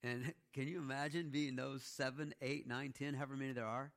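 A man delivers a sermon in a loose, conversational way, as if teaching a small group rather than orating. He keeps asking "okay?" and "all right?" to pull listeners along. He drops playful asides into the story, with a voice sitting at a typical middle pitch. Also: steady tone, brisk, fairly bright tone. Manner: conversational teaching with frequent "okay?" check-ins. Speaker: pastor.

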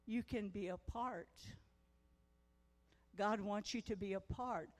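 A woman's voice: mid-range voice, slow pace. A woman, preaching a testimony sermon at a women's conference, folksy storytelling that swells into fervent preaching. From Missouri. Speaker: guest preacher. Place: church conference hall. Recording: echoey church hall.

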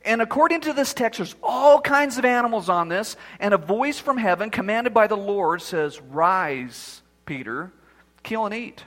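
High, bright-voiced preacher in a hall. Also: male voice, lively intonation, moderate pace, few pauses. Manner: acts out the quoted voices as he preaches. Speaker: pastor. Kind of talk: sermon.

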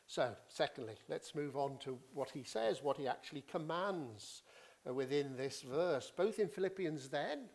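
A man preaching an expository sermon, teaching deliberately and driving points home with emphatic repetition. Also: on the high side, expressive, a little mellow.

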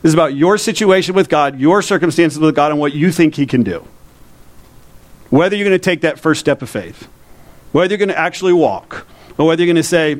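A pastor preaches to his congregation in a church. He keeps it conversational and keeps asking the listeners questions. His voice sits a bit higher than most men's. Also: expressive, fairly quick. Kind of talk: sermon.

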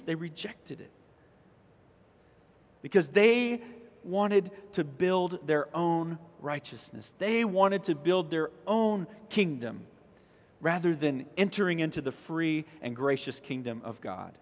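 A man's voice: a little high, animated, takes it slowly. A man, the pastor, preaching a conversational sermon and reading scripture, pushing his voice up for emphasis. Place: church sanctuary. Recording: long reverb of a church hall.

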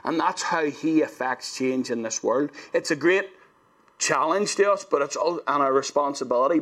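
A man's voice: mid-range voice, fairly bright tone. A man preaching a sermon in an earnest, conversational way, often restarting and saying "you know".

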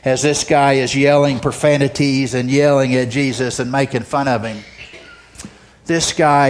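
A man's voice: mid-range voice, moderate pace. A male pastor preaching a sermon, emphatic and repetitive, often asking the audience rhetorical questions.

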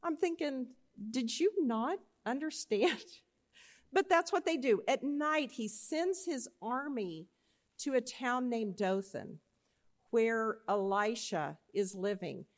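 A woman giving a chapel talk, telling a Bible story with animated voices and often checking in with her listeners. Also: a little high, slow. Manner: animated, acts out characters in the story. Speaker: chapel speaker.

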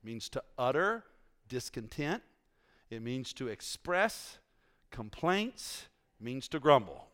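A man's voice: medium pitch, big pitch swings, takes it slowly, fairly bright tone. A male preacher giving a conversational sermon in a church, teasing his congregation and asking them questions.

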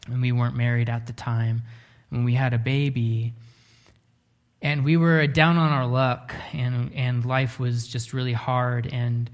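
A man preaching a sermon, telling a story earnestly, slowing down and dropping to a hush for emphasis. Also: mid-range voice, flat delivery. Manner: earnest, often slows down and drops to a hush for emphasis. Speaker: pastor.

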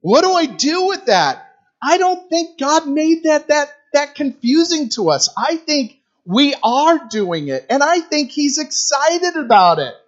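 A man's voice: very high-pitched, very animated, a little slow, highs cut off. A middle-aged man preaching a sermon in a conversational, storytelling way, repeating phrases for emphasis. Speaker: guest preacher for a youth ministry.

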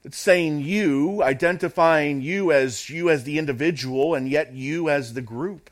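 A male pastor delivers a sermon in a somewhat high voice. He preaches with emphatic, repeated phrases and a steady pulpit cadence. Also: normal speed, few pauses.

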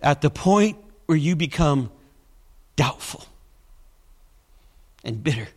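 A man's voice: on the high side, lively intonation, takes it slowly, darkish tone. A male pastor preaching a sermon, telling a story dramatically with emphatic, repeated refrains.

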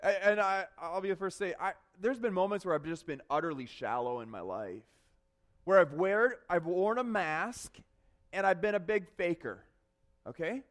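A man preaching a sermon, telling a personal story with animated swings between loud bursts and hushed confessions. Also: sits high, moderate pace. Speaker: pastor.

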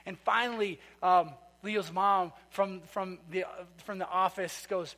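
A man's voice: high-pitched, moderate pace, pushed and bright. A man preaching a sermon to a congregation, telling a story in a chatty way and asking the people questions. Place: church sanctuary. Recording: long reverb of a large hall.

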